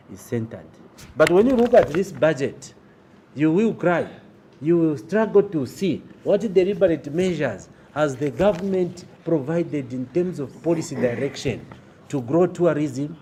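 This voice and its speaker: Deliberate, emphatic Zambian man with dark voice. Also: a little high, slight background noise. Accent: Zambian English. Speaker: opposition member of parliament. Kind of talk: press briefing statement. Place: press briefing room.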